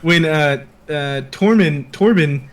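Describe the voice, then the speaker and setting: A man guesting on a casual TV review podcast, talking in a relaxed, rambling way with many fillers. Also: a little high. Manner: relaxed, drawn-out, many likes and uhs.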